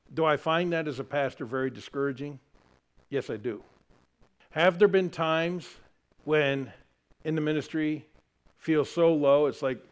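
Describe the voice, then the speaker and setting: Man preaching with soft low drops. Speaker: pastor. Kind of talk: sermon. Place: church.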